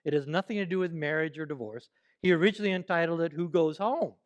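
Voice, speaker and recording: A man with a high voice delivers a church sermon in a lively, playful way. He coaxes the congregation into joining short spoken exercises and keeps his preaching conversational rather than formal. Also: quick pace, dull audio. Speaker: pastor. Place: church service.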